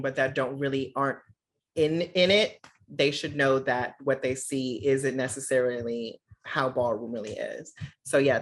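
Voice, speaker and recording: Woman doing a chill interview, low deep voice, hypes the guest up. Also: fairly bright tone. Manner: chatty, encouraging, laughs along. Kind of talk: casual interview.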